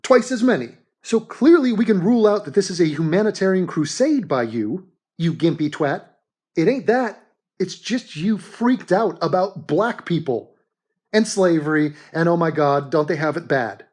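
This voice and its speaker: A man ranting through a reaction commentary, his voice leaping up and down with scorn. He mocks and swears freely, crude and animated throughout. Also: high-pitched, moderate pace, slightly rough. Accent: Canadian. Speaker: commentary host.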